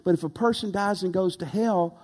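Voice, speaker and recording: A man preaching a sermon as pastor, earnest and emphatic, with dramatic pauses. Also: high-pitched, a little mellow. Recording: long reverb of a large hall.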